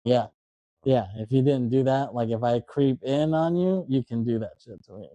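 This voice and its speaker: A man's voice: medium pitch, mellow, no echo, lo-fi sound. A man co-hosting a podcast, casually retelling a movie scene by scene in a rambling way. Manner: rambling, acts out lines in quick voices, laughs often. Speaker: podcast co-host. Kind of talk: casual chat recapping a film.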